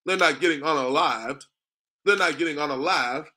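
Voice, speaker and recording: Man, class teacher, preaching style, bright forceful tone, higher pitch, rhetorical questions, repeats "man". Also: normal speed. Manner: repetitive, rhetorical, addresses listeners as "man"; chuckles often while talking. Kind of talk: street-preaching class lecture.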